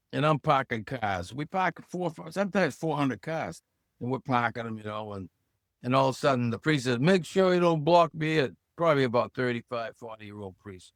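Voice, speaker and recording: A man around seventy from Massachusetts, a podcast guest who tells lively stories and acts out the voices he quotes. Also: medium pitch, no room sound, studio quality. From Hull, Massachusetts. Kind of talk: casual storytelling interview.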